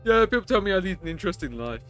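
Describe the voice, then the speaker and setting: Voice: medium pitch, very animated, very fast, a bit bright, soft background music, pitched above the performer's own voice. A streamer putting on a rambling bus stranger. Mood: chatty. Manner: rambling, crude storytelling. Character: chatty rough man, stranger on a bus.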